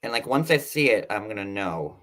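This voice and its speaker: A man hosting a casual livestream, chatty and sarcastic, filling his talk with "like" and quick asides. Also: on the low side, sing-song, fairly bright tone. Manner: chatty, sarcastic, full of "like" fillers. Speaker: host.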